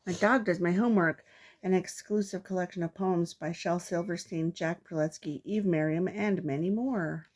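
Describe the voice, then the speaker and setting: An older woman, a grandmother, reading children's poems aloud in a playful, expressive way. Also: on the low side, moderate pace. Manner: playful, expressive read-aloud with comic trailing-off.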